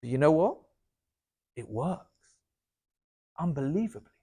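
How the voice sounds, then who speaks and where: A rabbi with a notably high-pitched voice gives an inspirational talk. He swings from loud, emphatic lines down to soft, low asides, and his delivery stays dynamic throughout. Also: sing-song, a little slow, husky.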